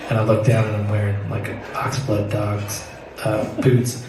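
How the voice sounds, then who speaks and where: A man's voice: on the low side, fairly even intonation, normal speed, very echoey, distant mic, over music, rough recording. A man telling a profane, rambling personal story and laughing through it. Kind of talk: live storytelling.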